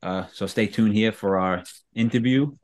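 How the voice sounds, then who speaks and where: A man hosting an interview podcast, talking casually with halting restarts. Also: on the low side, soft background music. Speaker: podcast host.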